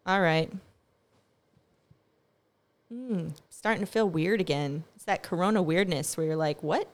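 A woman's voice: fairly low pitch, unhurried. A young woman talks in a loose, rambling monologue. She is sarcastic, swears freely and laughs often as she goes. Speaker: vlogger.

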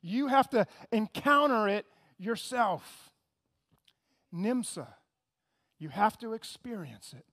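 A male pastor preaching a sermon in an animated way, repeating phrases and calling on the congregation to say words back. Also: high-pitched, takes it slowly, long pauses. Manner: animated, repetitive, asks the congregation to respond.

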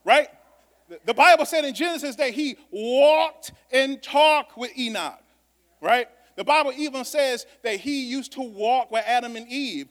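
A man delivers a sermon in a relaxed, conversational way, his voice sitting high. He swings between loud emphatic lines and quiet, almost whispered asides. The long reverb of a church hall trails after every phrase. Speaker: preacher. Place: church sanctuary.

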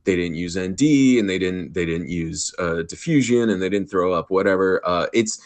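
A man's voice: low-pitched, normal speed, a little mellow. A man guesting on a podcast, talking casually, swearing freely, laughing and stumbling over restarts. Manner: profane, laughing, stammers and restarts often. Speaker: podcast guest, film festival organizer.

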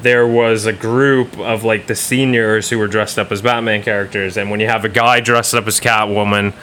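Bright-voiced man telling rambling stories. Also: lowish voice, little pitch movement, moderate pace, a little hiss or hum. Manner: rambling, keeps saying "you know what I mean". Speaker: podcast guest. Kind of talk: casual chat.

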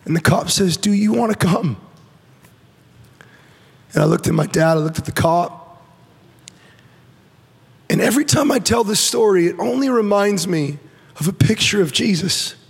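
A man giving an animated personal testimony to a church audience, acting out the voices in his story and often restarting sentences. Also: sits high, moderate pace, vocal fry, long pauses, slightly rough, long reverb tail. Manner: animated storytelling, acts out quotes, repeats and restarts. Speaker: guest speaker.

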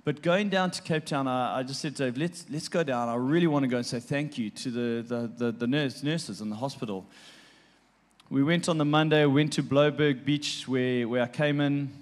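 A man, a guest on a talk show, telling a personal story in a heartfelt, halting way, repeating words and laughing between moments. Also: mid-range voice.

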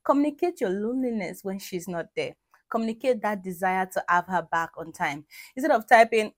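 A woman hosting an advice talk who teases gently, repeats phrases for emphasis and laughs at her own jokes. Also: medium pitch, lively intonation, normal speed, dry recording. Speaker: podcast host giving marriage advice. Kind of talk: conversational faith-based advice talk.

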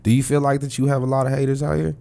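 A man's voice: mid-range voice, level tone, gravelly, dark tone. A man co-hosting an interview, asking questions and riffing with jokes in casual slang. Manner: joking, hyped, quick to riff. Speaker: podcast co-host.

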